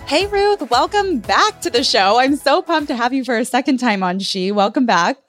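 A woman's voice: fairly high pitch, expressive, moderate pace, fairly bright tone, soft background music. Upbeat woman podcast host, gushy, says like a lot. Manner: upbeat, gushing, heavy with "like". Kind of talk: conversational interview.

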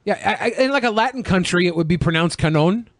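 A man with a high voice that swings widely, riffing crude insults in comedic banter. He laughs easily and swears freely. The sound is dry and close, with no room around it. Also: animated, fairly bright tone, no room sound. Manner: profane, mocking, quick to laugh. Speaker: podcast co-host.

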